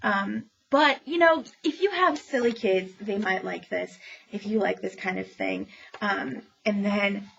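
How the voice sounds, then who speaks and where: A woman's voice: mid-range voice, measured pace, vocal fry, fairly bright tone, highs cut off, a little hiss or hum. A woman librarian chatting through book reviews with lots of ums and opinionated asides. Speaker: librarian reviewing new children's books. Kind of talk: casual book review talk.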